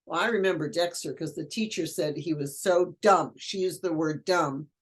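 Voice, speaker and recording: An older woman who is a guest educator, chatting casually in an interview and telling animated stories. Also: on the low side, moderate pace, breathy edge. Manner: animated storyteller, acts out quoted voices.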